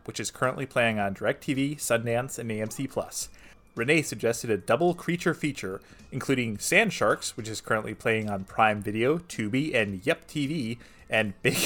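A man hosting a film podcast, briskly reading out a scripted recap list. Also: medium pitch, a bit bright. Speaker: podcast host. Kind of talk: scripted wrap-up.

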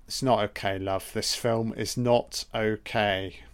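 Sarcastic, slow-talking man. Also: lowish voice, smooth. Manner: mocking, profane, deadpan asides. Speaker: film commentator. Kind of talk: sarcastic solo film commentary.

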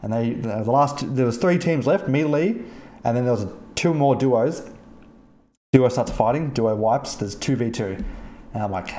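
A man hosts a casual podcast, swearing freely and acting out the players in his gaming stories. His voice is mellow and sits at an everyday middle pitch. The room around him adds a noticeable echo. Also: normal speed. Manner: animated, profane, acts out quoted players. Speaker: podcast host. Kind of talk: casual storytelling chat.

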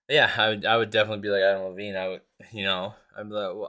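A man's voice: on the low side, fairly even intonation, moderate pace, long pauses, bright, forceful tone. A man hosting a casual solo podcast, rambling in a profane, self-mocking way and laughing often. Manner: rambling with restarts. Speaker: podcast host.

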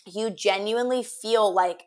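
A woman's voice: medium pitch, a little slow. A young woman co-hosting a podcast, talking earnestly in a rambling, filler-heavy casual way. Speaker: podcast co-host. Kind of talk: casual chat.

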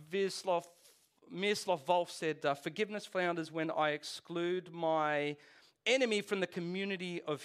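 Animated high-voiced male preacher. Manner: animated, conversational preaching with quick restarts and asides. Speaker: pastor. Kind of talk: sermon.

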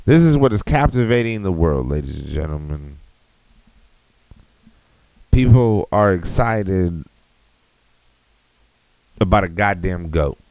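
A man's voice: sits low, animated, takes it slowly, pauses often, darkish tone, no echo, dull audio. A man hosting a podcast, ranting in a profane, mocking way. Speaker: podcast host.

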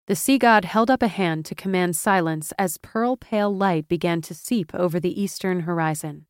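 A woman narrating a fantasy audiobook in a measured, expressive storytelling manner. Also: lowish voice, clean tone, dry recording, studio quality. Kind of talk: scripted narration.

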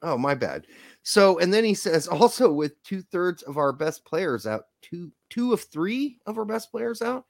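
A blunt, foul-mouthed man co-hosts a casual livestream. His voice sits a little high and swings widely in pitch. The recording is close and dry. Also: very animated, a little slow, vocal fry, no echo. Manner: blunt, profane, joking. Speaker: podcast co-host.

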